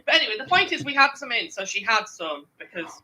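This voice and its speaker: Lively animated podcast storyteller. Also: mid-range voice, fast, slight background noise, low-quality recording. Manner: animated, swears a lot, mimics customers. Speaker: podcast co-host telling a work story. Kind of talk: casual chat, storytelling.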